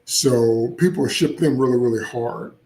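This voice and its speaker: A man's voice: medium pitch, a little slow, a little mellow, echoey room, poor audio. A man hosting casual solo commentary, opinionated and chatty with frequent asides. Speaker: comics channel host.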